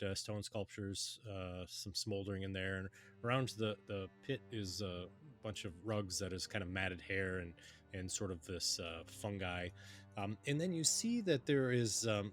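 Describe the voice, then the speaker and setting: A man narrating as game master of a tabletop game, in loose, filler-heavy description. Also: fairly low pitch.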